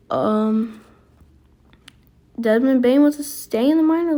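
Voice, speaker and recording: A woman giving casual, excitable commentary while playing a basketball video game, reacting aloud as she goes. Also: high-pitched, normal speed. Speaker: gaming video creator.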